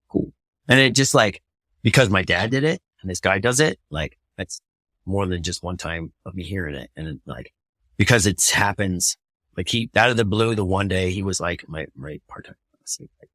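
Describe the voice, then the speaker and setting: A man's voice: fairly low pitch, very animated, normal speed, fairly bright tone, no room sound. A man who works as a firefighter talks as a podcast guest in a loose, casual way, swearing freely and often asking "you know what I mean".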